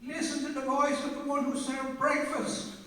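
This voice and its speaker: A man, preaching a sermon as a priest, slow and emphatic, often repeating his phrases. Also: very high voice, little pitch movement, bright, forceful tone, a little hiss or hum. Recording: echoey hall from far off.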